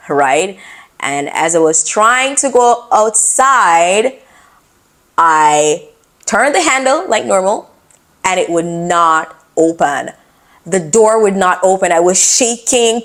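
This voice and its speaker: A young adult woman vlogger telling a personal story in a casual, expressive, animated way. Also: medium pitch.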